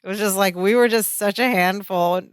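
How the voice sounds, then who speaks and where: A woman's voice: medium pitch, steady tone, brisk, clean tone, no echo, studio quality. A woman co-hosting a podcast, chatting casually about a sitcom and laughing between remarks. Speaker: podcast co-host. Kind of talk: casual chat recapping a sitcom.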